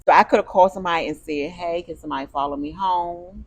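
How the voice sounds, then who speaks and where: A woman co-hosting a podcast in casual chat, telling stories with animated, expressive delivery. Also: fairly low pitch, fast talker. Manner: animated storytelling, turns emotional. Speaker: podcast co-host.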